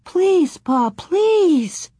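A woman's voice: medium pitch, normal speed, warm tone, slightly rough, no room sound, lightly acted. A woman voicing a small pioneer girl who pleads and sobs through her tears. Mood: pleading. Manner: pleading, sobbing. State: crying.

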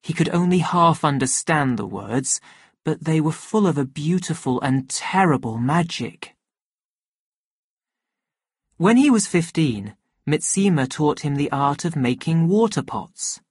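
A narrator reading a story aloud in a measured, steady way. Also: mid-range voice, slightly rough, dry recording, studio quality. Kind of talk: scripted narration of a graded reader.

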